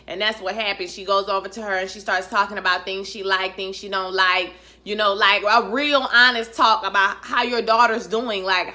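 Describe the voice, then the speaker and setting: Brief: woman vlogger, bright, forward voice, chatty and salty recap talk. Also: mid-range voice. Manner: chatty, animated, profane, addresses viewers as honey and child. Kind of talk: casual spoken recap.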